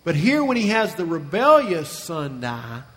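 A man preaching a sermon, retelling a scripture story with earnest feeling and slowing down and softening on the sad passages. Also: fairly high pitch, very animated. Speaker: pastor. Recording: long reverb of a large hall.

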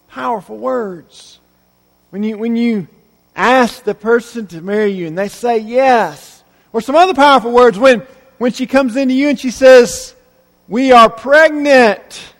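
High-voiced preacher in a reverberant sanctuary. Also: male voice. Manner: earnest, unhurried, pauses with "uh". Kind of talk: sermon. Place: church sanctuary.

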